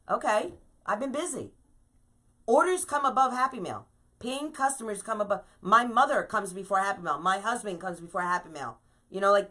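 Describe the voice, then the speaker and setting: A woman's voice: fairly high pitch, bright, forceful tone. A middle-aged woman hosting a live crafting stream, talking casually and ranting emphatically, often tagging her lines with "okay?".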